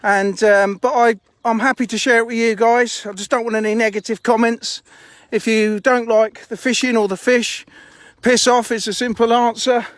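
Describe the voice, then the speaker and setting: A man's voice: very high-pitched, little pitch movement, normal speed, hardly any pauses, dry recording. A man chatting bluntly on a phone live stream while walking around his fishing lakes outdoors, a bit out of breath and swearing casually. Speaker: fishery owner streaming live.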